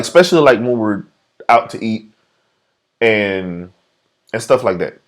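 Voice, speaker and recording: Animated laughing man, lively pitch. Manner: animated, laughs often, playfully defensive. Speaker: podcast host. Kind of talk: casual chat.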